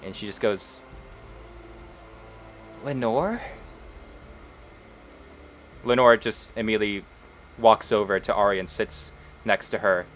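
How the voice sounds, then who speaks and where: A man's voice: fairly low pitch, a bit bright, slight background noise. A man narrating as game master of a tabletop role-playing game, casual, with frequent ums and uhs.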